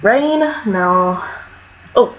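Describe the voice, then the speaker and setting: A young woman giving casual, chatty commentary on her own gameplay, swinging between mock outrage and excited squeals. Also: medium pitch, drawn-out words. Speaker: gamer narrating her let's play. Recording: dull lo-fi home mic with faint hiss.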